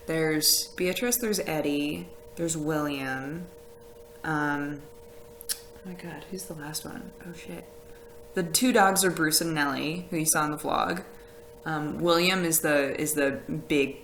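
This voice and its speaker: A woman's voice: low voice, a bit bright, a little hiss or hum, low-quality recording. A woman chatting casually on a live stream, rambling with fillers and laughs as she reads messages from chat. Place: house with a conservatory.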